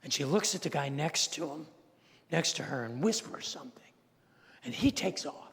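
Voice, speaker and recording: A man's voice: fairly high pitch, lively intonation, moderate pace, gravelly. A man in his sixties, a pastor, telling a story in a sermon and acting out the people in it. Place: church sanctuary. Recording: long reverb of a large church hall.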